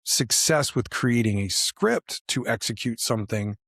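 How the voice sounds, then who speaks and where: A man co-hosting a casual business podcast, asking questions and reacting in a relaxed conversational way. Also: medium pitch, measured pace, creaky, no room sound, studio quality. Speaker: podcast co-host.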